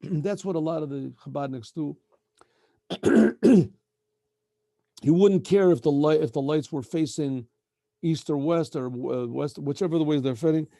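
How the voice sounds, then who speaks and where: A middle-aged man gives a casual daily lesson as a rabbi, his slightly high voice carrying a gravelly edge and a mellow tone. He clears his throat often and corrects himself mid-sentence. The sound is dry and close, with no room around it. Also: a little slow, pauses often, no echo. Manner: frequent throat-clearing, self-correcting and meandering. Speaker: rabbi teaching a daily class.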